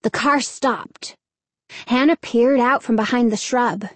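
A woman reads a children's novel aloud at a slow, deliberate pace. Her voice is somewhat high and the recording is dry and close. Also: no echo. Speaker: audiobook narrator. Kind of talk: scripted narration.

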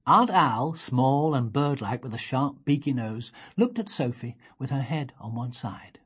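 A woman reading a children's story aloud, expressive and gently measured. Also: extremely low pitch, slightly rough. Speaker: reader.

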